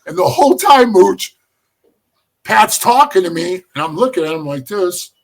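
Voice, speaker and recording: High-voiced, animated man telling stories. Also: normal speed. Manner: animated, profane, addresses the host as bro. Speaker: podcast guest. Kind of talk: storytelling in casual conversation.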